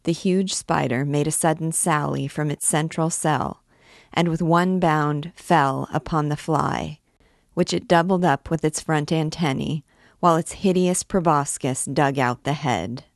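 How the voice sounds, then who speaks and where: A woman reading a classic novel aloud in a steady, measured narration. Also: deep voice, vocal fry, dry recording, studio quality. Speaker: audiobook reader.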